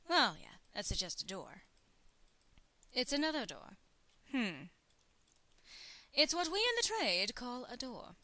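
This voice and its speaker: Woman playing a gentleman thief, put-on English accent, wry, rambling, bright voice, lively pitch. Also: no room sound, full character voice. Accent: put-on English, wavering. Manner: dry, self-mocking humor. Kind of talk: in-character game voiceover.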